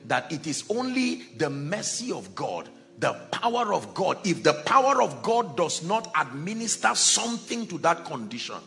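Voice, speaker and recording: A male preacher delivers a dramatic sermon, his gravelly, bright voice rising into loud exclamations and dropping to low, quiet lines. His pitch is lively and full of movement. Soft music plays faintly behind him. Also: normal speed, hardly any pauses.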